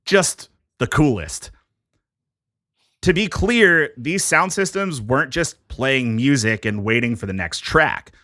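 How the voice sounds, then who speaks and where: A man's voice: mid-range voice, animated, slow pace, bright, forceful tone, no room sound, studio quality. A man hosting a casual podcast, presenting a music history topic from prepared notes in a jokey, conversational way.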